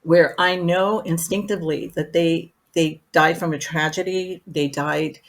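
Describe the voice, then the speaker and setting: Chatty middle-aged woman, low-pitched voice. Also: steady tone, unhurried. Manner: rambling and chatty, leaning on "you know". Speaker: medium, podcast guest. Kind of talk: casual storytelling in an interview.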